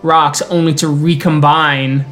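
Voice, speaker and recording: A man running a tabletop role-playing game as storyteller, mixing unhurried scene narration with quick rules calls. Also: fairly high pitch, flat delivery, fairly bright tone, soft background music.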